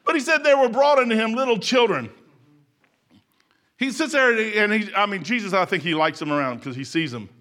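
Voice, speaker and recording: An older pastor preaches in a church, folksy and chuckling at his own stories. His voice sits high and carries a bright, forceful edge, rising to shouts and sinking to near whispers. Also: fairly quick. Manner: folksy, laughing, swings from shouting to hushed. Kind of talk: sermon. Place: church sanctuary.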